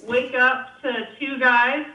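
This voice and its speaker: A woman's voice: high-pitched, steady tone, takes it slowly, bright, forceful tone. A young woman telling a story in casual chat, swearing freely and laughing as she goes. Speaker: guest. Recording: roomy, distant, dull sound.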